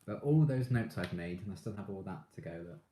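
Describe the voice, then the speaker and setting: A deep-voiced man hosts a relaxed live stream, chatting with viewers and getting excitable as a fan. He laughs often between comments. The sound carries a roomy echo. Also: brisk, a little hiss or hum. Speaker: live streamer reading chat. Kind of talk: casual live-stream chat.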